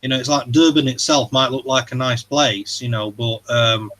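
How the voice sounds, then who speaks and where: A man's voice: mid-range voice, little pitch movement, normal speed, fairly bright tone, low-quality recording. Rambling man on a livestream. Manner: rambling and hesitant, full of fillers and swearing. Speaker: livestream host. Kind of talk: casual chat.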